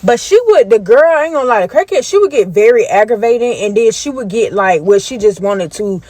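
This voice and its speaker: A woman's voice: a little high, lively intonation, a little fast, a little mellow, dry recording. A woman telling a story time, animatedly retelling events and acting out the voices of the people in it.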